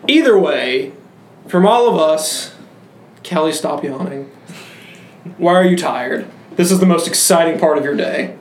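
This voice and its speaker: A man's voice: fairly high pitch, animated, a little slow, pauses often. A young man hosting a casual podcast, joking and teasing his co-hosts with lots of laughter. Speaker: podcast host. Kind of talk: casual chat. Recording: roomy room echo.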